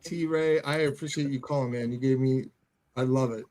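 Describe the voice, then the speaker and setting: A man's voice: mid-range voice, steady tone, moderate pace, mellow. A man hosting a live call-in show, chatting casually with callers and laughing often.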